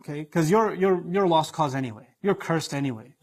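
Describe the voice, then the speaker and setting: A man's voice: a little high, expressive, brisk, a little mellow, pitched below the performer's own voice. A man voicing a male devil who mockingly coaxes someone into despair. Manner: coaxing, mocking.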